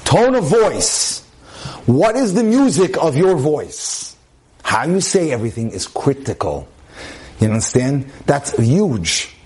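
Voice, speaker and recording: A man's voice: fairly high pitch, big pitch swings, slow pace, darkish tone. A man teaching as a rabbi, speaking emphatically, repeating phrases for stress and dropping in Hebrew terms. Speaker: rabbi giving a Torah class. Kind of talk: relationship lecture.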